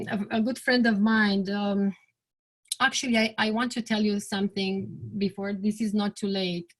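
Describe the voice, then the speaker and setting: Mom in her 40s telling her story, earnest, lots of restarts, trails off quiet. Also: mid-range voice. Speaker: bereaved mother sharing her story. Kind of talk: personal testimony talk.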